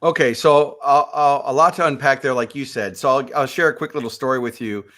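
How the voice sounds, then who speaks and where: A man in his fifties from Minneapolis, USA, appears as a podcast guest telling a personal story in conversational style. His mid-range, fairly bright voice moves a little fast, earnest and motivational, and he often repeats words as he restarts sentences.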